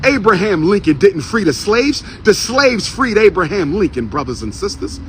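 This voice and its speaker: A man with a high voice delivers a fiery street speech to a gathered crowd. He drives each point home by repeating it, rising and falling like a preacher. Faint traffic hums behind him outdoors. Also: big pitch swings, moderate pace. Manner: repeats lines for emphasis, preacher-like cadence. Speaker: street speaker. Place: outdoors on a city street by a historical marker.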